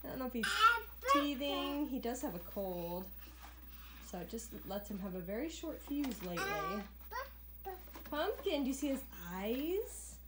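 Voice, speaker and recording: A young woman vlogging casually at her parents' house, chatting and calling out excitedly to her toddler and dog. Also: fairly high pitch, measured pace, pauses often, echoey room, heavy background noise. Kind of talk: casual home vlog.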